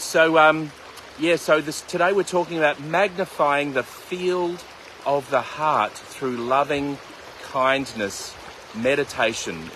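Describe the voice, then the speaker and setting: A man's voice: mid-range voice, fairly bright tone, slight background noise. A man teaching mindfulness meditation outdoors beside a river, chatting with viewers by name and joking between his guidance. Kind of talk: casual livestream talk and guided meditation. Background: flowing river.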